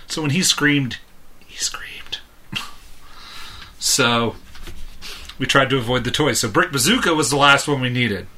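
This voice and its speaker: A man's voice: medium pitch, pushed and bright. A man in his thirties, a podcast co-host, telling a long rambling story in casual chat and chuckling often.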